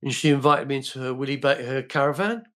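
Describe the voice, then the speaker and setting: A man's voice: mid-range voice, fast talker, fairly bright tone. An older man, a film actor guest on a podcast, telling rambling stories full of fillers and restarts. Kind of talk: casual interview storytelling.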